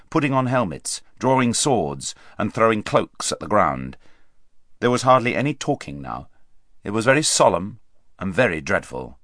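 A man narrating an audiobook in an expressive storytelling manner, speeding up and slowing down with the action. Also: lowish voice, no echo, clean studio sound. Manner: expressive storytelling, varied pace.

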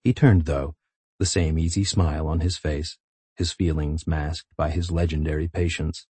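A man reads a novel aloud in a measured, intimate way. His voice is very low, dark and husky. The recording is dry and close with no room sound. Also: steady tone, no echo. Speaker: audiobook narrator. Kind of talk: scripted narration.

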